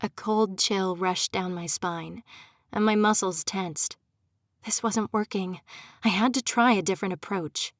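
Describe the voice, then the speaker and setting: A woman's voice: medium pitch, measured pace, dry recording. A young adult woman reads a first-person audiobook with a mid-range voice, emotive and often pleading and desperate in dialogue. The sound is dry and close, with no room around it. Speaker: audiobook narrator.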